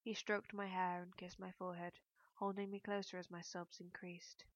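A woman narrating a first-person novel in a measured, introspective way. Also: on the low side, flat delivery, no echo, highs cut off. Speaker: audiobook narrator.

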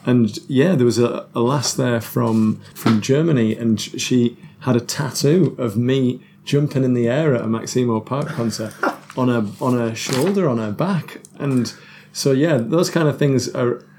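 A man's voice: mid-range voice, a little slow, mellow, slight background noise. A man, chatting as a podcast guest about football, self-deprecating, laughing often and restarting his sentences. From North East England. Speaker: guest musician. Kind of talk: casual podcast chat.

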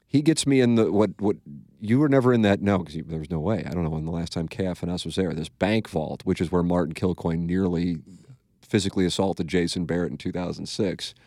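Profane, self-mocking low-voiced man host. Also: fairly quick, dark tone, dry recording, studio quality. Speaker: radio show host. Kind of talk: casual podcast chat.

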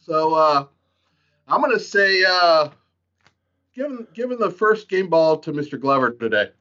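A man co-hosting a casual sports chat, joking and animated. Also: on the high side, a little slow. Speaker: podcast co-host. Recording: dull lo-fi audio.

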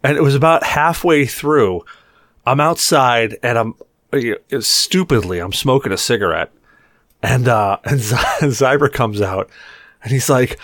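A man's voice: mid-range voice, unhurried, dry recording, studio quality. A young man co-hosting a podcast, telling a rowdy story casually with swearing and acted-out quotes. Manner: animated, swearing, acts out quotes. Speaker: podcast co-host.

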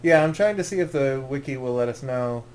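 A man's voice: mid-range voice, expressive, fairly quick, darkish tone. A man co-hosting a podcast in casual chat, rambling and joking with his friend. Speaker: podcast co-host.

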